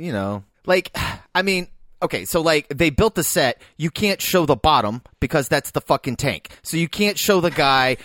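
A man's voice: fairly high pitch, a bit bright, no room sound, clean studio sound. A man co-hosting a casual movie podcast, arguing bluntly and swearing heavily. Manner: blunt, argumentative, heavy swearing. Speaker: podcast co-host. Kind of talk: casual chat.

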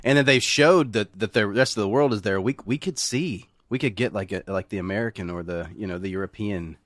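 A man's voice: lowish voice, a bit bright, no echo, clean studio sound. A man in his thirties co-hosting a casual film podcast, joking, swearing and arguing his points. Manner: joking, swearing, quick to argue. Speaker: podcast co-host, cinematographer.

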